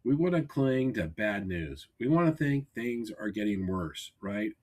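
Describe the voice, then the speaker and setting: A man hosting a casual podcast over a remote call, talking in an energetic coaching tone with many restarts. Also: lowish voice, unhurried. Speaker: podcast host. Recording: glitchy remote call audio.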